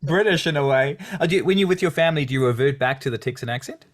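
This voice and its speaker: A man's voice: mid-range voice, racing. A man from South Africa hosting a podcast, asking questions in friendly, chatty interview talk. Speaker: podcast host. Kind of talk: casual interview chat.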